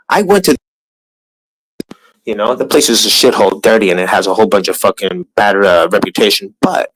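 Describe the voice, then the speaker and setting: A man's voice: medium pitch, poor audio. A man ranting on a live stream, profane and mocking, sometimes putting on voices to imitate others. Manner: animated, profane, mocking impressions.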